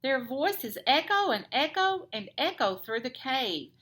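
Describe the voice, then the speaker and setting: A woman teacher reading a picture book aloud with expressive storytime narration. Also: high-pitched, a little slow, breathy edge. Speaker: elementary school teacher.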